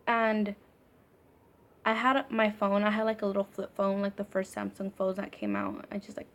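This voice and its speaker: A woman's voice: medium pitch, level tone, moderate pace. A woman telling a ghost story in a storytime vlog, casual and profane, filling her sentences with "like". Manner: casual and profane, heavy use of filler "like". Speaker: vlogger.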